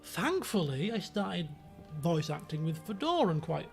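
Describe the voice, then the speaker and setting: A man's voice: high-pitched, sing-song, unhurried, creaky, faint music behind. A man with a Yorkshire accent, chatting casually on his stream, rambling with many fillers and restarts. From Yorkshire, England. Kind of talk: casual chat.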